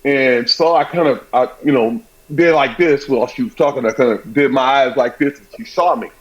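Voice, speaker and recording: A man hosting a sports talk show, chatting in an animated, fast way and sharing a childhood story. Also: medium pitch. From Southern US. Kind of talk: casual talk show chat. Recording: dull, lo-fi sound.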